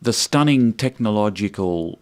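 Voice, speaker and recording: An Australian man co-hosting a radio show, rambling on in a dry, deadpan way. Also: on the low side, measured pace. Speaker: comedic guest co-host. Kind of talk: deadpan comedic radio banter. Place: radio studio.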